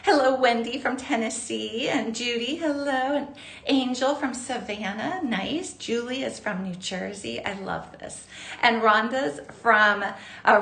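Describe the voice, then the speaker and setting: A woman's voice: a little high, vocal fry, fairly bright tone. A middle-aged woman from Southern California hosting a live jewelry-making class, chatty and upbeat as she greets viewers by name. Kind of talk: live-streamed craft class chat. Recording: roomy echo.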